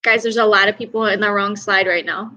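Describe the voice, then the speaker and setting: Speaking into her computer mic on a video call, a young woman runs an online class at a brisk clip, her mid-pitched voice sharp, steady, chatty, and upbeat. Along the way she praises students by name. The sound is lo-fi.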